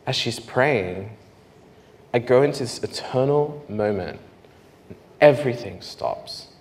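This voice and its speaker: A man preaching his testimony as a lively storyteller who often drops to hushed, slow tones. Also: mid-range voice. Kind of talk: sermon testimony. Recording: reverberant hall, faint noise.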